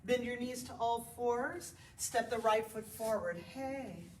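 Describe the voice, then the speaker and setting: A woman's voice: on the high side, takes it slowly, recorded from a distance. A woman yoga instructor guiding a live class, chatty and encouraging, counting poses aloud. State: out of breath at times. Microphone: body mic, at times distant. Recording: echoey room, voice from off mic, faint noise.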